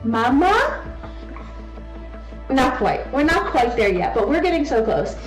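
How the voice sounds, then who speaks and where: A woman's voice: high voice, sing-song, unhurried. A young adult woman streaming a game from home, chatting casually and cooing baby talk to her daughter on her lap. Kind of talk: casual live-stream chat. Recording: echoey room with background music.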